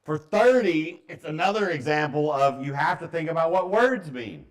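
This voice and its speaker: A man teaching a math class, explaining problems to his students. He talks in a joking, offhand way. His voice sits a little higher than most men's. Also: animated, normal speed.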